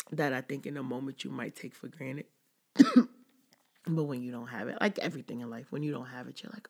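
A woman's voice: very deep voice, vocal fry, a bit bright, husky. A woman hosting a casual personal podcast, talking candidly and rambling with many "like"s. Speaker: podcast host.

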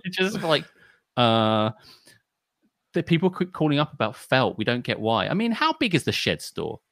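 A man's voice: mid-range voice, normal speed, no echo. A man rants his way through a casual podcast chat, swinging his voice up and down with mock fury. He swears freely and pushes each point hard. The sound is close and dry, with no room around it. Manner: animated, swearing, mock-outraged. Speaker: podcast co-host.

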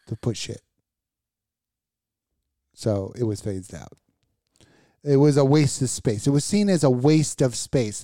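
A man's voice: mid-range voice, dark tone, dry recording. A man co-hosting a crude, casual podcast chat, rambling and swearing from a close, dry mic. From United States. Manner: profane, rambling, joking. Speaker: podcast co-host.

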